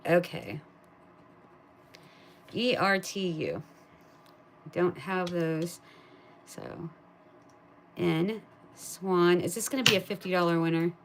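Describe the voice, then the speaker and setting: A woman chatting casually on a live stream, thinking aloud and talking to her viewers, turning loud and excited at a win and cooing to her pet. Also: on the low side, takes it slowly, long pauses, slight background noise. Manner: gets excited and loud at wins. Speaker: live streamer scratching lottery tickets.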